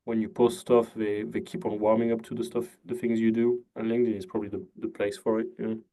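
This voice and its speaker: A man's voice: lowish voice, flat delivery, fast talker, dark tone. A man hosting an interview, asking questions in a hesitant way with frequent "uh" fillers. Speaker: podcast host. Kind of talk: casual interview chat.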